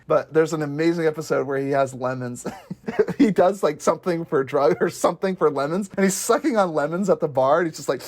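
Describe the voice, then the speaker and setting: Podcast co-host, casual chat, lively swooping pitch, laughs a lot, acts out quotes. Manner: animated, laughing often, acting out quoted lines. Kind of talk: casual chat, retelling comedy scenes.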